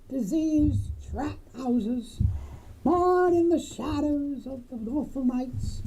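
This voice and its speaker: A woman's voice: high-pitched, warm tone, slight background noise, rough recording. A woman doing an impression of a menacing masked male villain, delivering a grandiose, theatrical monologue through a respirator. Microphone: wearing a respirator mask.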